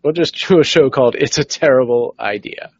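A man's voice: mid-range voice, a little fast, darkish tone, no room sound, dull audio. A man hosting a podcast in casual, easygoing chat who keeps steering the conversation back on track. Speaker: podcast host.

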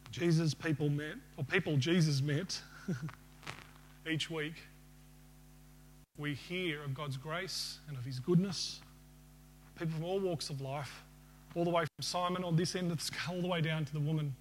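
Preacher giving a sermon, higher-pitched man. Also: steady tone, normal speed, pauses often, slight background noise. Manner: asks the congregation questions and leads a closing prayer.

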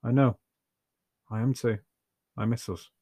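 A man voicing a subdued, apologetic young man who speaks quietly and flatly. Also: medium pitch, unhurried, breathy edge, no echo, studio quality. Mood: sheepish. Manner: quiet, sheepish, flat.

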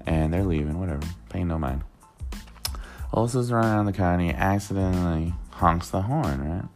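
A man vlogging, telling a rambling, profane story in a casual, animated way. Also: sits low, normal speed, soft background music. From Worcester, Massachusetts.

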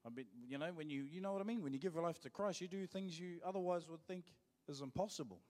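Man, pastor, New Zealand accent, slightly high pitch, joking conversational sermon, reverberant church hall. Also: quick pace, dark tone.

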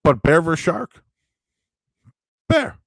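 A man riffing loosely with his viewers, voice leaping up high when he gets worked up, then dropping right back down. The sound is dry and close, with no room around it. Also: slow pace, creaky, dry recording. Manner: animated, joking, restarts a lot. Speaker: live-stream host answering chat questions. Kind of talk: casual rambling chat.

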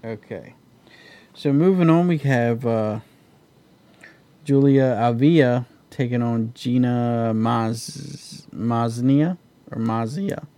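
A man's voice: mid-range voice, slow pace, dark tone, no room sound. Laid-back joking male host. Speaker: podcast host. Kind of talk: casual fight-pick chat.

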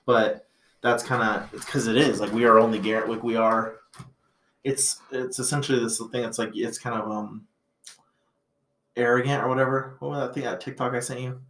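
A man's voice: medium pitch, fairly even intonation, moderate pace, a bit bright, slight background noise. A man in his thirties hosting a casual podcast chat, reflective and rambling, with plenty of filler words. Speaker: podcast host. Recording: roomy echo.

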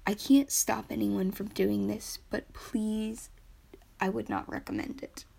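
Nervous young woman hosting a podcast, gravelly. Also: mid-range voice, little pitch movement, unhurried, warm tone. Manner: a bit nervous, earnest. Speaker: podcast host. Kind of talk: casual solo podcast intro.

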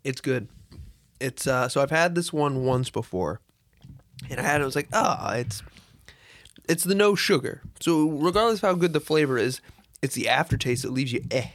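A man co-hosting a casual podcast, laid-back and halting, often restarting his sentences. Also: medium pitch, expressive, dry recording. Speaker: podcast co-host.

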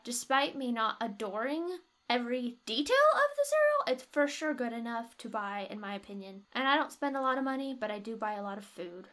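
A woman's voice: on the high side, big pitch swings, a little fast, fairly bright tone. A young woman co-hosting a podcast, chatting casually and reviewing a product with strong opinions and frequent laughs. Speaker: podcast co-host.

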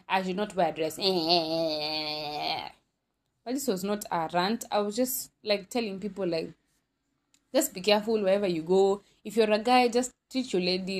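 A young woman with a Kenyan accent speaks alone on her own podcast in a loose, candid monologue. She wanders, restarts and fills her sentences with "like" and "you know." Her voice sits at an ordinary middle pitch for a woman. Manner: rambling and candid, with many fillers and self-corrections. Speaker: podcast host. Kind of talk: casual personal podcast monologue.

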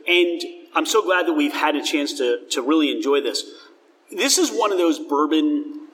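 A man's voice: fairly high pitch, expressive, normal speed, fairly bright tone, recorded from a distance. Upbeat man with a reverberant sound. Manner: enthusiastic, descriptive, rambling. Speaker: host. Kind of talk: casual tasting chat. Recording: long hall reverb.

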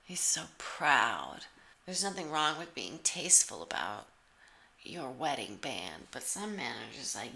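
A woman's voice: very deep voice, big pitch swings, a little slow, vocal fry, bright, forceful tone. A woman giving sarcastic, teasing play-by-play commentary over a cooking show. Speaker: comedic commentator.

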